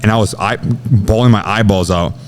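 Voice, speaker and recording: A man's voice: on the low side, slight background noise. A man in his thirties telling a personal story as a podcast guest in casual, slangy talk, often saying bro. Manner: rapid slangy talk, says bro a lot.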